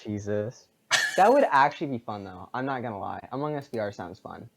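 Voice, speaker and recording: A man co-hosting a casual gaming podcast, sarcastic and quick to laugh. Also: lowish voice, lively intonation, creaky, slight background noise. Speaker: podcast co-host. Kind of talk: casual chat.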